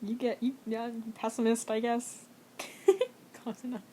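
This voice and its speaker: A woman's voice: a little high, steady tone, unhurried, warm tone, slight background noise. Swearing, laughing young woman reacting to a film. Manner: swears a lot, laughs often, rambling reactions. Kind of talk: casual watch-along commentary.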